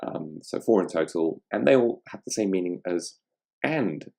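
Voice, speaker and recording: Deep gravelly male grammar tutor. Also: animated, darkish tone. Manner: reads example sentences aloud, unhurried with frequent ums. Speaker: online English tutor. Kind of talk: explaining grammar over slides.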